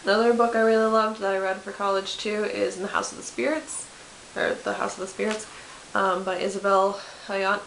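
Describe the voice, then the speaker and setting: Her voice is medium-pitched, fairly bright and creaky, with little pitch movement and a brisk pace. This twenty-something book vlogger talks casually about favorite books, chatty and self-deprecating, constantly restarting and correcting herself amid fillers, in an echoey room with faint hiss.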